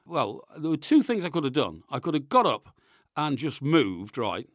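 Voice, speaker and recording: A man's voice: on the high side, big pitch swings, normal speed, dry recording. A man with a studio microphone, talking in comic banter in an indignant, rambling way with stammered restarts.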